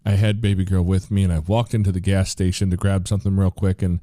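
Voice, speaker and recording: Low-voiced American man, dark tone. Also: level tone, fast, no echo, studio quality. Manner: earnest, rambling, with frequent restarts. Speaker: podcast host. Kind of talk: casual conversational interview.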